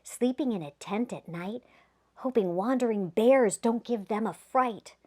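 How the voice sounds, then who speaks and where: Female storytime reader, playful, asks the kids questions, higher voice, slow delivery. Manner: drops to a whisper at quiet moments. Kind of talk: reading a rhyming picture book aloud to children.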